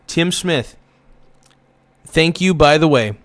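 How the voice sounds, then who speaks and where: A man's voice: medium pitch, normal speed, no echo. Heated ranting man, dry close sound. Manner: heated, profane, ranting with repeated phrases. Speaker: host reacting to videos. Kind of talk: angry reaction commentary.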